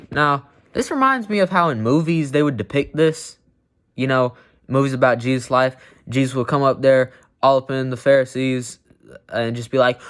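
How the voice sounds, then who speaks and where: Give me a man reading scripture aloud and then commenting in a blunt, emphatic way. His pitch sits mid-range for a man. He keeps dropping "you know" between his thoughts. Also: normal speed, fairly bright tone, clear, resonant tone. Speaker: Bible commentator.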